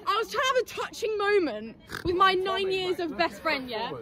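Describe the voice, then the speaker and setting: A tipsy young woman chats in a giggly, dramatic way, her voice very high and lively. She is recorded outside on a busy street, with a loud crowd around her. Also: normal speed. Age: young adult. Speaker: student friend. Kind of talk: casual chat among friends. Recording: loud crowd noise outdoors.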